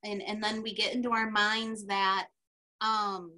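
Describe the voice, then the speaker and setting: A woman speaks on a video call, teary-eyed and earnest, pleading with her listeners and filling pauses with ums. Her voice is bright and tense, pushed forward with feeling. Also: medium pitch, level tone. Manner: heartfelt, pleading, frequent ums. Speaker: team member presenting convention notes. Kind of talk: emotional personal sharing on a video call.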